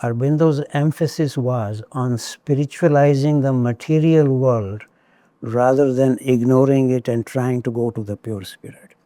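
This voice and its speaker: A man giving a lecture on spiritual traditions, speaking in a measured, deliberate way with occasional wry asides. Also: mid-range voice, mellow, dry recording.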